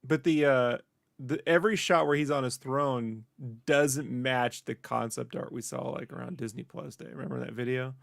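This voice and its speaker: A man's voice: mid-range voice, fairly even intonation, normal speed, gravelly, no room sound, clean studio sound. A man co-hosting a casual chat, rambling with lots of "like" and "you know".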